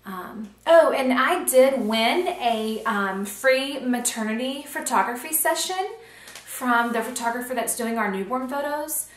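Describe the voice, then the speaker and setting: A woman's voice: on the high side, lively intonation, unhurried, roomy sound. A pregnant woman chatting casually in a vlog, filling her talk with ums and little laughs, filmed on a camcorder in a small nursery room at home. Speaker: pregnancy vlogger. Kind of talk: casual chat. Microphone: handheld camcorder.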